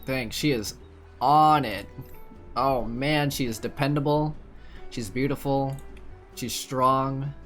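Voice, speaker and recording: A streamer giving excitable, gushing commentary on a game playthrough, laughing often. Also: mid-range voice, slow pace, pauses often, faint music behind.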